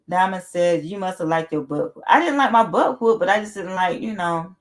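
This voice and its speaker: A woman's voice: lowish voice, moderate pace. Blunt, laughing woman livestream host. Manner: blunt, laughs often, repeats herself, swears casually. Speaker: livestream host reading chat. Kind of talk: casual livestream chat.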